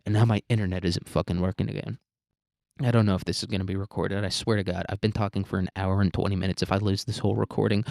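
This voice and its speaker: A man's voice: deep voice, steady tone, quick pace, vocal fry, darkish tone, dry recording, studio quality. A man hosting a solo commentary podcast, rambling, sarcastic and heavy on swearing. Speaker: podcast host.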